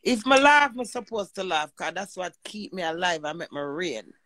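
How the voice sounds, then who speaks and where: A woman's voice: lowish voice, big pitch swings, normal speed, fairly bright tone, no echo. A woman hosting a live chat, talking emotionally and praying in an emphatic, preacherly way. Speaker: livestream host.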